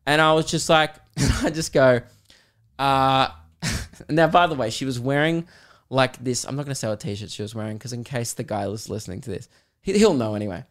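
An Australian podcast host and comedian tells a story in a medium-pitched voice at a moderate pace. He's animated and casual, swearing a lot, joking around, and laughing throughout.

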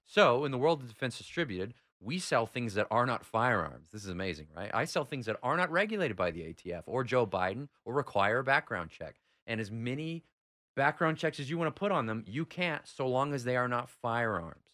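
A man's voice: medium pitch, sing-song, fairly quick, fairly bright tone, no echo. A man arguing on a talk radio show, combative and mocking as he lectures. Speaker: radio show regular guest. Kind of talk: heated talk radio argument.

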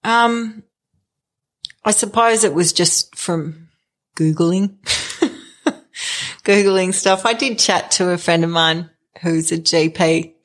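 A woman's voice: on the low side, slow pace, pauses often. A middle-aged woman telling her own story in an interview, hesitant, with many fillers and restarts. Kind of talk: candid personal storytelling.

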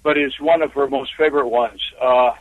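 A man from California calling in to a radio show, talking haltingly with many fillers and restarts. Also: mid-range voice, steady tone, no echo. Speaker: caller. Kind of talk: phone-in call to a radio show. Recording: tinny phone line.

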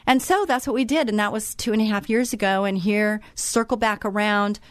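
A woman's voice: medium pitch, brisk, dry recording. A middle-aged woman who hosts a faith-based radio show, telling a story in a chatty, enthusiastic way with frequent restarts.

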